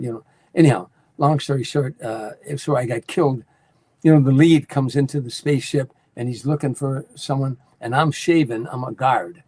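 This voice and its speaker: An older man, a guest comedian, casually tells show-business anecdotes and acts out the lines people said. His voice is mid-range and darkish, at a normal pace.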